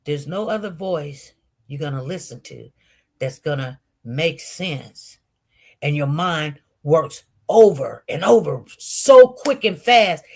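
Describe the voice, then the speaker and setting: A woman telling viewers a personal testimony with great intensity, swinging from loud outbursts to hushed murmurs and often repeating herself. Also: low voice, expressive, slow pace. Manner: repetitive, restarts. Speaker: online show host.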